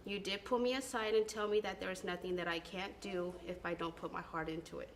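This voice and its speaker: A young woman, a former band student, records a sincere tribute to a former mentor. Her voice is on the low side with fairly even intonation, and she speaks earnestly but haltingly, pausing on ums and correcting herself. Faint background noise sits beneath her.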